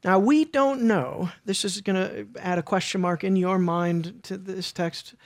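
A preacher gives an earnest, emotional sermon in a medium-pitched voice at a slightly slow pace, repeating phrases and swinging between loud and hushed.

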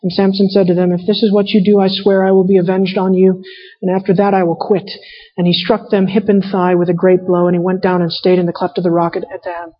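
A woman's voice: fairly low pitch, flat delivery, fast talker. A woman preaching a sermon, reading scripture and retelling characters in casual paraphrase. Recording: muffled sound in a reverberant hall.

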